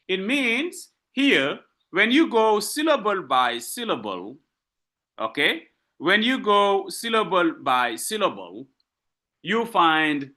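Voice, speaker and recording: A man's voice: on the high side, pushed and bright. A man lecturing on poetry in a live online class, with a French-speaking West African accent, asking rhetorical questions and repeating points patiently. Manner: switches between French and English. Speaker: literature lecturer.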